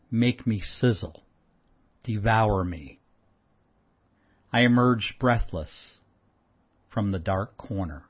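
A man reading his own short story aloud in a slow, deliberate, sensual way. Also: fairly low pitch, slightly rough, dull audio. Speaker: story contributor.

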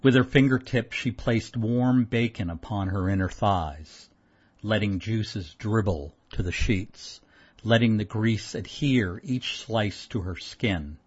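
Slow, husky man reading a story. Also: fairly low pitch, dull audio. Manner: slow, deliberate, sensual reading. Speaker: story contributor. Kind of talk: reading a short story aloud.

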